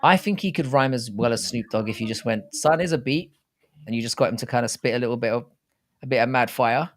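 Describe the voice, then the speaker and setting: A British man co-hosting a live fight-talk stream, chatting casually in an animated, jokey and rambling way with plenty of swearing. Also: mid-range voice, fast talker. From Britain. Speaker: co-host of a live fight show.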